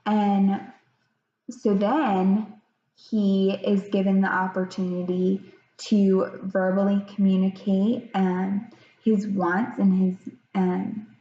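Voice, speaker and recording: Slow, hesitant woman in an echoey room. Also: mid-range voice. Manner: hesitant, many fillers and restarts, acts out parent quotes. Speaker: presenter explaining a parenting concept. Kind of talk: informal explanatory talk. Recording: echoey room, slightly dull sound.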